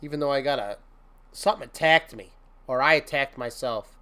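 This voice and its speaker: A man's voice: mid-range voice, fairly quick, sharp tone. A man hosting a casual motivational livestream, rambling and laughing often, breaking into silly mock-venting with made-up curses. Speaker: host.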